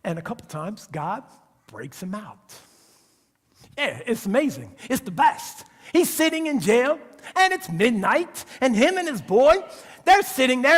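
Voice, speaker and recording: A man with a high voice preaching to his congregation in a church sanctuary. He tells the story casually, dropping to near-whispers and then rising to loud, excited passages, with a long echo from the hall. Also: moderate pace. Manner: conversational storytelling, acts out voices with big swings from hushed to loud. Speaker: pastor. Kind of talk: sermon.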